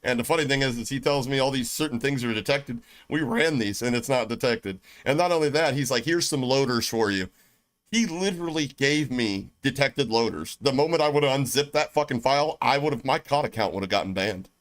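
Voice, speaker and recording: A man's voice: medium pitch, a little fast, few pauses. Man, Southern US accent, middle-aged, brash, foul-mouthed, casual livestream rant. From United States. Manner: brash, profane, blunt. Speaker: streamer.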